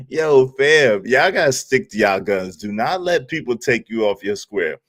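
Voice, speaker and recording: Animated man hosting a livestream. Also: medium pitch, normal speed, hardly any pauses. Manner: animated, slangy, laughs at clip. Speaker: livestream host reacting to a clip. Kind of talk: casual livestream commentary.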